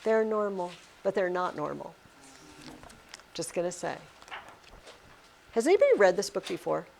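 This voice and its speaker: A woman's voice: lowish voice, moderate pace, gravelly, darkish tone, a little hiss or hum. A woman teacher leading a literature lesson in a classroom, questioning her students.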